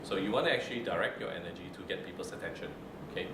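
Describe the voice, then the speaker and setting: A man lectures students in a calm, measured way, his voice very low. He is recorded from a distance in a roomy, echoing lecture room. A loud air-conditioning hum runs underneath. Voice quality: low, mid-range voice. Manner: calm, measured, checks in with "okay?". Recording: roomy echo, far from mic, loud air-con hum.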